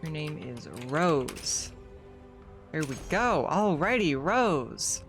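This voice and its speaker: A woman's voice: deep voice, very animated, takes it slowly, soft background music. A young woman streamer chatting casually over a game, swearing now and then. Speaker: VTuber streamer.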